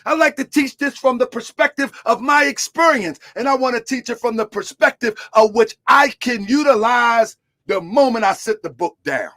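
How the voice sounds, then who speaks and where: A man with a strikingly high voice delivers a sermon as a religious teacher. He punches key words with shouted emphasis, then drops to low, quiet asides. He keeps asking his listeners to call back answers. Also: normal speed, hardly any pauses. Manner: call-and-response questions to listeners.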